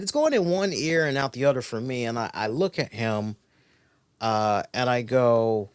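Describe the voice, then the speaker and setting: Animated profane male storyteller. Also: medium pitch, measured pace, smooth, no room sound. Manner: animated, profane, acts out voices. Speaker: podcast co-host. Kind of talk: casual storytelling.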